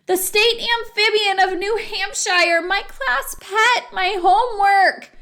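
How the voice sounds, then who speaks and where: A woman voicing an excitable young boy who is fussy about his pet and cries out in high, shrill bursts. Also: normal speed. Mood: upset.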